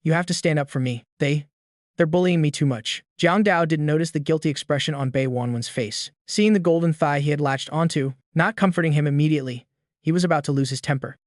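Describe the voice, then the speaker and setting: Male storyteller, slightly high voice, steady scripted read, close dry mic. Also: no echo. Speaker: narrator.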